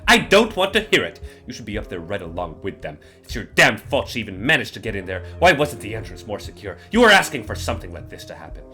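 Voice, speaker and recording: A man voicing an angry middle-aged mother in a game, yelling accusations in a raised, lively voice. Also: on the low side, fast, few pauses, faint music behind. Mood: furious. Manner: yelling, scolding.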